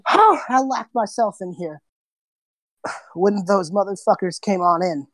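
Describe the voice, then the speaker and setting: A woman voicing a short, gruff old male lighthouse keeper with wild white hair, who talks bluntly and impatiently. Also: mid-range voice, expressive, measured pace, no echo.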